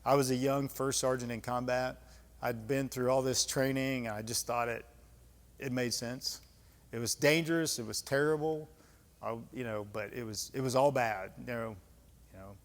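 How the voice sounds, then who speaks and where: Long hall reverb fills the club lecture hall as this American man in his fifties, a retired senior Army leader, lectures and answers questions from the audience. He talks at a moderate pace in a mid-range voice, blunt, conversational and emphatic, with candid stories and folksy asides.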